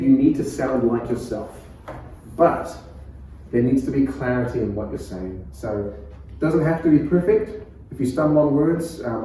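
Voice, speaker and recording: Kiwi male pastor teaching preaching, calm and chatty, mellow tone, picked up from a distance in an echoey church hall. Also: mid-range voice, a little hiss or hum. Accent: New Zealand. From New Zealand. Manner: calm, conversational, laughs often. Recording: echoey room, far from mic.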